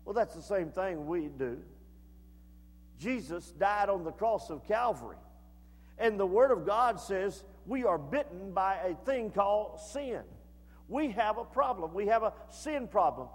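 A man preaching a sermon as pastor, in a folksy way that builds to shouted fervor. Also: high voice, animated, a little slow. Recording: long hall reverb.

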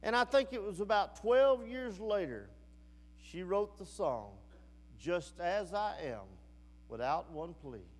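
A man preaching a sermon to a church congregation, rising and falling in pitch and slowing down to stress his points. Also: very animated, a little hiss or hum. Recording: long hall reverb.

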